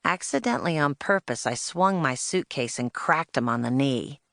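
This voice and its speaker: A woman's voice: low voice, lively intonation, moderate pace, vocal fry, fairly bright tone, no echo, studio quality. A woman narrating a children's audiobook in first person, telling it in the plain-spoken voice of a spirited young girl.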